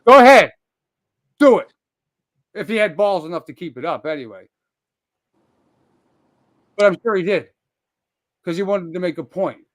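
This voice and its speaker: A man ranting on his own live stream, his voice sitting a little high for a man. He rambles, restarts and curses constantly, confronting people by name and breaking into loud outbursts. The sound is dry and close, with no room around it. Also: moderate pace, pauses often, dry recording. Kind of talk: heated live-stream rant.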